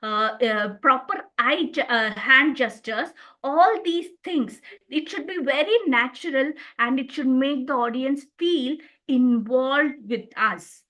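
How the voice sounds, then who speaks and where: A woman's voice: sits high, lively intonation, takes it slowly, bright, forceful tone. A woman giving a communication skills training lecture, stressing words to demonstrate intonation and sometimes restarting her phrases.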